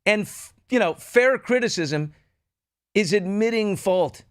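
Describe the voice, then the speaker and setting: A man's voice: high voice, lively intonation, unhurried, clear, resonant tone. A middle-aged man hosting a talk show, riffing sardonically in casual political commentary.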